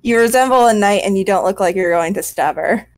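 A woman's voice: medium pitch, a little fast, no room sound. A woman joking with friends as a player in a tabletop game. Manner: playful, teasing banter. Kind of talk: casual tabletop game chat.

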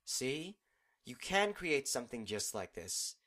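A man voicing a gentle, teasing female pony princess in a fan audiobook reading. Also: medium pitch, big pitch swings, slow pace. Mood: encouraging.

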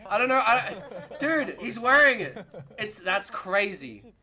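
A young man streaming his reaction, shouting, laughing and swearing with excitement, hoarse from yelling. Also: high voice, measured pace. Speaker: streamer reacting to a game trailer.

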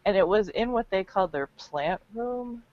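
A woman's voice: mid-range voice, animated, moderate pace, lo-fi sound. A woman co-hosting a casual comedy webcast, chatty and laughing often. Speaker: co-host.

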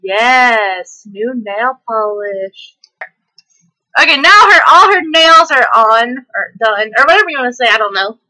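A woman's voice: sits high, very animated, normal speed, hardly any pauses, sharp tone, poor audio. A woman hosting a gameplay video, chatting hyperly and laughing often, sometimes slipping into a country twang. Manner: slips into a country twang at times. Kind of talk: casual chat while playing.

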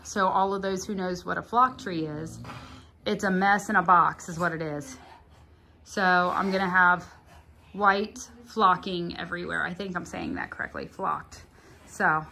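A woman's voice: lowish voice, lively intonation, measured pace, long pauses, bright, forceful tone, a little hiss or hum. Chatty Southern woman vlogging at home. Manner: chatty, self-deprecating, plain-spoken. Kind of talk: casual home vlog. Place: living room at home.

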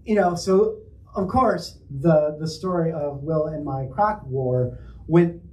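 A man's voice: on the high side, slow pace, dark tone, a little hiss or hum. A man telling a funny anecdote and then reading his story aloud with dramatic flair, often breaking into laughter. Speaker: author at a bookstore event. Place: bookstore event room. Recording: echoey room, mic at a distance.

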